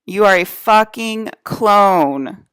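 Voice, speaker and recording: A woman's voice: mid-range voice, animated, slow pace, fairly bright tone, clean tone, no room sound. A woman from New Jersey giving a rambling solo rant to camera, profane, emphatic and repetitive. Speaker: vlogger.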